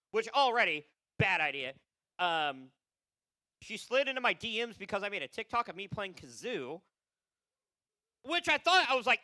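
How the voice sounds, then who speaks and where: A man's voice: sits high, pushed and bright, no echo. A man doing a profane, rambling stand-up set at an open mic, tired and laughing at his own jokes.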